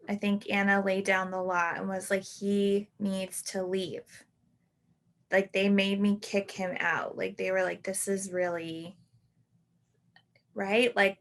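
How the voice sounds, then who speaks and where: Slow, halting woman telling a personal story. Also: medium pitch, fairly bright tone. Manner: halting, full of "like" and self-corrections. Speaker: podcast host.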